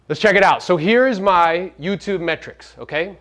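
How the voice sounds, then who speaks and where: At a live seminar, this real estate coach and podcast host speaks at a moderate pace with few pauses. He's brash and profane, peppering the audience with rhetorical questions and shifting from loud jabs to low side remarks.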